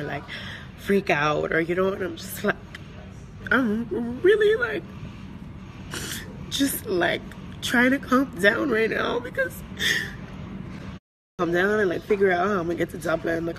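A woman on tour venting angrily into her phone at an airport, swearing hard and stringing together filler words. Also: low-pitched. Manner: profane, ranting, heavy filler words. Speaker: recording artist on tour. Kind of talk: angry venting selfie monologue. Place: airport terminal. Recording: noisy phone recording with vehicle sounds.

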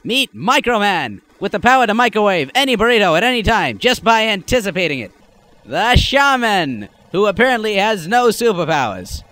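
A man's voice: high-pitched, sing-song, moderate pace, sharp tone. A teenage boy narrating a comedy sketch in a mock-dramatic announcer style. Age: late teens.

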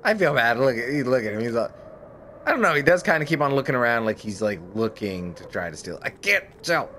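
A man's voice: mid-range voice, animated, quick pace, fairly bright tone, slight background noise. A man giving casual, joking gameplay commentary, swearing freely and laughing at himself. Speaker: let's play gamer. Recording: game music playing under the voice.

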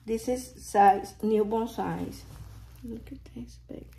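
Slow, gushing woman whispering in awe. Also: on the high side, gravelly, slight background noise. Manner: gushing, often dropping to an excited whisper. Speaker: reborn doll unboxing vlogger. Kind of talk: casual unboxing commentary.

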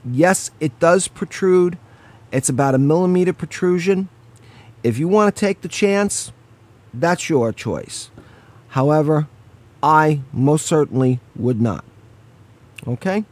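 A man's voice: fairly high pitch, expressive, slow, pauses often, darkish tone. A man giving a casual hands-on product review, explaining each step in a chatty way and stopping now and then to apologize for slips.

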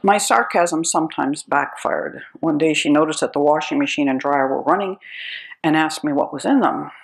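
Older American woman with a gravelly voice. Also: sits low, moderate pace, poor audio. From United States. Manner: wry, storytelling, chuckling at her own tales. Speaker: speaker. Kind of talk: lecture with humorous anecdotes.

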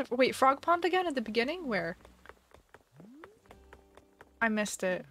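A woman's voice: fairly high pitch, sing-song, unhurried, fairly bright tone, soft background music. A young woman live-streaming a video game, chatting casually with a giggly, dramatic manner and mock panic.

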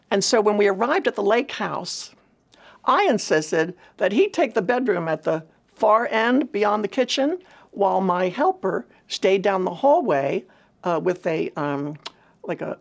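A woman's voice: mid-range voice, vocal fry. A woman giving an earnest personal testimony, telling her story in a reflective way. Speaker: speaker at a women's ministry event.

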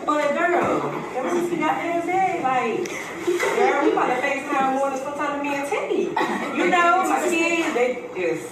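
A woman's voice: sits high, moderate pace. A woman giving an emotional speech to her best friend at a party, slangy and choked up. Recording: distant echoey party recording with noise.

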